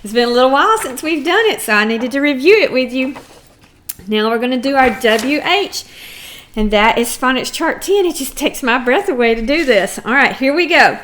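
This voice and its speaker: A woman teaching a first grade phonics lesson, sounding out letters and words slowly and clearly for young children. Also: high voice, lively intonation, fairly bright tone. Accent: Texan. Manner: slow, clearly sounded-out drills.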